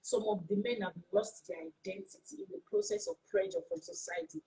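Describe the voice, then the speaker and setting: A woman's voice: medium pitch, very animated, a little fast, warm tone, husky, poor audio. Passionate woman giving a talk. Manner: passionate, preachy, rhetorical questions. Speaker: host. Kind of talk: motivational talk.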